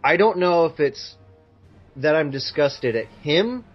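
A man's voice: on the high side, lively intonation, a little slow, lo-fi sound, faint music behind. A man co-hosting a casual podcast, giving his views with many "you know" fillers. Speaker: podcast co-host. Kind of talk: casual chat.

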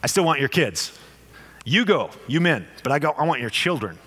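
A man voicing a stern, demanding ancient Egyptian king who gives low, clipped commands. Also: sing-song, moderate pace, a bit bright, breathy edge, exaggerated voice.

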